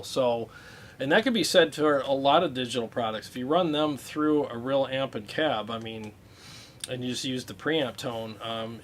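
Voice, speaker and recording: A man hosting a casual livestream, talking about guitar gear in a relaxed, rambling way with many fillers. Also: mid-range voice, slight background noise.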